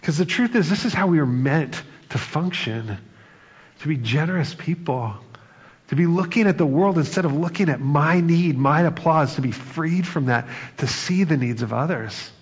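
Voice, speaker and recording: A slightly high, breathy-edged male voice with lively intonation delivers a conversational sermon at normal speed. The pastor acts out quoted lines with flashes of humor, and the recording sounds dull in a reverberant hall.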